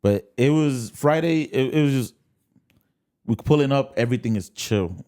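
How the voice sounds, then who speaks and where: A man's voice: medium pitch, normal speed, warm tone. A young man, co-hosting a podcast in easygoing casual chat, laughing often. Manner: laid-back, laughs often, says "word" and "nah". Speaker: podcast co-host.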